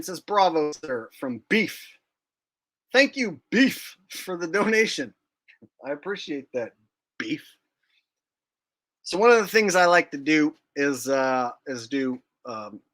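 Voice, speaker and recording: A man runs a casual livestream, thanking viewers and joking in a brash, profane way. His voice sits at an ordinary middle pitch with a bright, forward edge. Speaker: livestream host.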